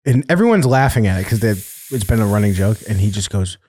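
A man's voice: lowish voice, lively intonation, fast, a little mellow. A man hosting a podcast, telling a story in casual chat, laughing and swearing often. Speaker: podcast host.

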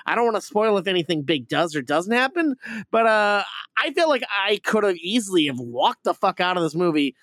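A man's voice: high voice, big pitch swings, fairly quick, a bit bright, no echo, clean studio sound. Rambling, cursing man on a podcast. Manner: rambling, profane, full of fillers. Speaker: podcast co-host reviewing a movie. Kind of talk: casual chat.

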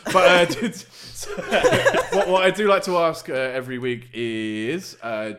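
Guy hosting a casual podcast, kinda high voice, bouncy delivery, asks lots of follow-ups. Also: expressive, slow pace, fairly bright tone. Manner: teasing, asks follow-up questions. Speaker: podcast co-host. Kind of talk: casual chat.

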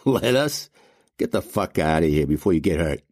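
A man's voice: deep voice, lively intonation, moderate pace, a little mellow, dry recording, clean studio sound. A man voicing a brutish, hulking male security thug in an audiobook. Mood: aggressive.

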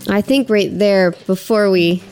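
A woman's voice: mid-range voice, steady tone, unhurried, a little mellow, faint music behind. A woman playing in a tabletop game, chatting casually and searching for her words. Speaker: player. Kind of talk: casual tabletop role-play chat.

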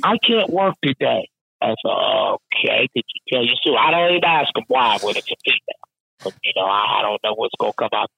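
A man telling a rowdy work story in casual chat, profane, animated and laughing often. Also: on the low side, fast, vocal fry, breathy edge, muffled recording.

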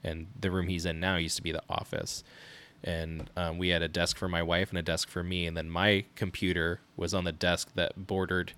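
A man in his thirties with a very low voice co-hosts a casual parenting podcast. He chats at a moderate pace with few pauses, telling stories animatedly and often breaking into laughter.

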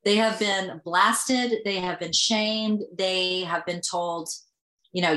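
A woman hosting a podcast, speaking in an affirming, reflective and gently earnest way. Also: lowish voice, a little slow. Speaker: podcast host. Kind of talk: casual conversation. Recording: echoey room.

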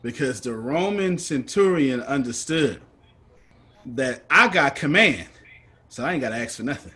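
A man's voice: medium pitch, animated, measured pace, sharp tone. A man teaching a study group over a video call, preachy and emphatic in a folksy way.

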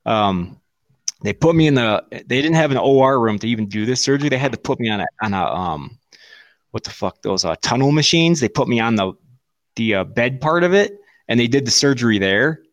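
A man in his thirties hosts a podcast in easygoing chat. His pitch jumps around a lot, his talk is laced with swearing, and the sound is dry and close, with no room to it. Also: lively intonation, brisk, no room sound. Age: 30s. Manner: profane, storytelling, laughs a lot. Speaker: podcast host. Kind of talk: casual chat.

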